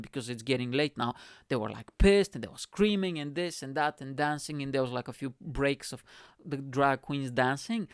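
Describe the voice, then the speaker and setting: A man's voice: medium pitch, clear, resonant tone, dry recording, clean studio sound. A man hosting his own podcast, a stand-up comedian telling a rambling story in a chatty way, swearing freely and calling listeners "mate". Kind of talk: casual storytelling monologue.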